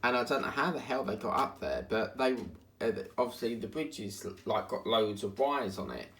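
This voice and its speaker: A man's voice: medium pitch, normal speed, fairly bright tone. A man chatting casually and grumbling in asides while working on a diamond painting at home. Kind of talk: casual chat while crafting. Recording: distant mic, faint background hiss.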